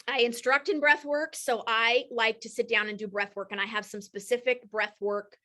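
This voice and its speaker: A woman in her thirties or forties, hosting a live coaching session with energetic, motivational enthusiasm. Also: fairly high pitch, moderate pace. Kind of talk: live-streamed coaching talk.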